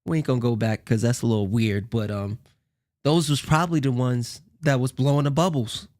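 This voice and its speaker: A man's voice: mid-range voice, brisk, a little mellow. A man hosting a casual reaction commentary, joking and rambling in asides. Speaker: commentary host.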